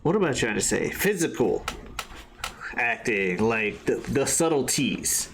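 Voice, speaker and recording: A man's voice: mid-range voice, sing-song, unhurried, fairly bright tone, a little hiss or hum. A man in casual podcast chat, laid-back, laughing often and swearing. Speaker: podcast guest.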